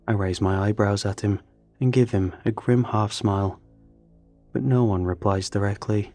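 A man narrating a first-person story in a steady, scripted reading. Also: lowish voice, normal speed, soft background music.

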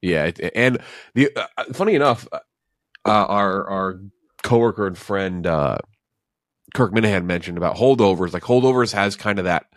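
A man with a very low, deep voice chats casually on a movie podcast. He rambles and restarts his sentences as he works through his takes. The sound is dry and close, with no room around it. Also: expressive, normal speed, no echo. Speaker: podcast co-host.

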